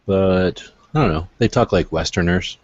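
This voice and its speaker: A man's voice: deep voice, moderate pace, no echo, muffled recording. A man chatting casually on a panel, rambling and blunt, who says he is not from Arizona. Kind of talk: casual chat.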